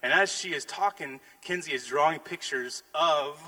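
A middle-aged man, a pastor, preaching a sermon and telling a family story with animated acted-out lines. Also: a little high, normal speed, low-quality recording. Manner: animated storytelling, acting out his daughters' lines.

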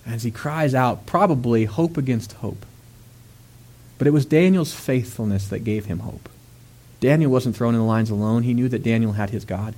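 A male preacher retelling a scripture story in a casual, chatty way, with fillers and quick asides. His voice sits in an ordinary middle pitch. He keeps building up to loud, emphatic stretches. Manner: animated, rising to raised emphatic delivery; conversational asides with fillers and laughs. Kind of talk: sermon.

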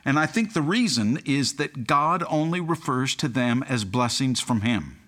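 Pastor guy preaching, lively swoopy delivery, mid voice, funny story bits. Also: mid-range voice, a little slow. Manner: storytelling with humor, chuckles at his own anecdotes. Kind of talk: sermon.

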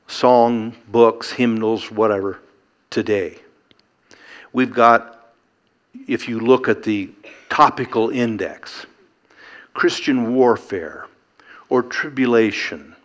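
Middle-aged guy preaching, slow and earnest, punchy questions. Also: medium pitch. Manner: earnest, emphatic, rising to rhetorical questions. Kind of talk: sermon.

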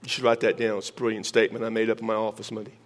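A man's voice: fairly low pitch, little pitch movement, racing. An older man preaching a sermon, teaching verse by verse with joking asides to his congregation. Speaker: pastor.

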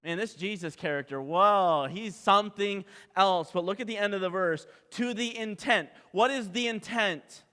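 A man's voice: high voice, normal speed, sharp tone, smooth. A man preaching a dramatic sermon as pastor, asking the congregation rhetorical questions. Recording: long hall reverb.

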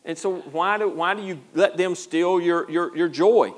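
A man's voice: high voice, a little slow. A man preaching a sermon as pastor, in a folksy, self-deprecating way with a lot of repeated words. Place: church.

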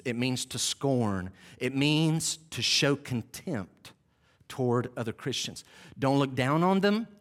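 With a medium-pitched, slightly bright voice, a pastor preaches to his congregation in a church sanctuary. His sermon is emphatic and repeats key phrases, broken up by conversational asides where he pokes fun at himself.

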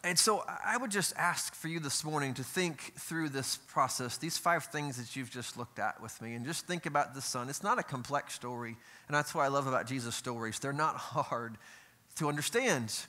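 Middle-aged guy preaching at church, bright voice, chatty with lots of rhetorical questions. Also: medium pitch. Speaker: pastor. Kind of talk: sermon. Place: church sanctuary.

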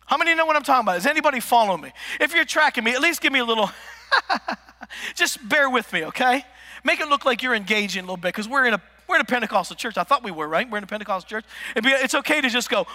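A man's voice: extremely high pitch, rapid-fire. A middle-aged man preaching a sermon, telling stories with jokes and talking straight to the congregation in a church. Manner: animated, joking, talks to the congregation. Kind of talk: humorous storytelling sermon. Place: Pentecostal church sanctuary. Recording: church hall with long reverb.

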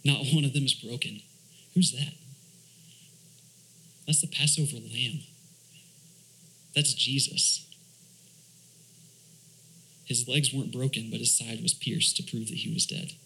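A man's voice: medium pitch, steady tone, unhurried, vocal fry, long pauses, sharp tone, rough recording. A man, a church elder, preaching a sermon, asking rhetorical questions, reading scripture aloud and explaining Hebrew words.

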